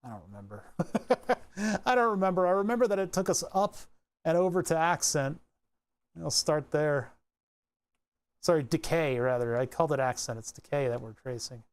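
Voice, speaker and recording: This streamer's relaxed livestream narration has a clean tone and a medium pitch. Speaking slowly and partly to themselves, they think out loud as they work, muttering, trailing off mid-sentence and fixing their wording frequently.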